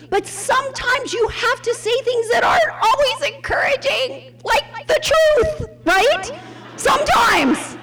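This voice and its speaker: A woman telling personal stories in a sermon, animated and laughing often as she acts out the voices of people in them. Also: very high voice, long reverb tail. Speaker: speaker at a women's Bible study. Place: Houston church gathering.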